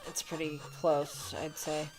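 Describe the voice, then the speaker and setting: A woman's voice: low-pitched, little pitch movement, takes it slowly, a little mellow, faint music behind, low-quality recording. A woman co-hosting a gameplay livestream, laughing often and reading viewer comments aloud. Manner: giggly, reads viewer comments aloud, teasing. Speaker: co-host reading out chat. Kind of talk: casual livestream chat.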